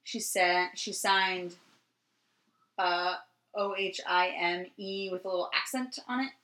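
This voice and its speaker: A woman from New Jersey co-hosting a podcast, telling a story in casual chat, rambling and profane with many ums and quick laughs. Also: fairly low pitch, steady tone, sharp tone. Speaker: podcast co-host. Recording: roomy echo.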